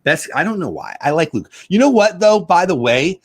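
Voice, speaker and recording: A man's voice: fairly high pitch, lively intonation, quick pace, few pauses, no echo, studio quality. A middle-aged man hosts a chatty livestream from his home, wandering from one joke to the next. His voice swings widely up and down as he reads viewers' comments aloud. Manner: rambling, jokey, reads chat comments aloud. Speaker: livestream host. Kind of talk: casual livestream chat.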